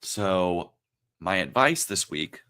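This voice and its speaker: A man turning forty, hosting his own livestream and talking in a reflective, halting, emotional way, with many pauses and fillers. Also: deep voice, animated, sharp tone. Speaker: livestream host. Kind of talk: casual livestream talk.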